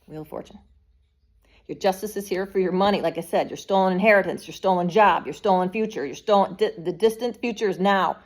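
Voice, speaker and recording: A woman's voice: medium pitch, a little fast. Woman tarot reader, blunt, emphatic, casual swearing. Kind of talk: collective tarot reading.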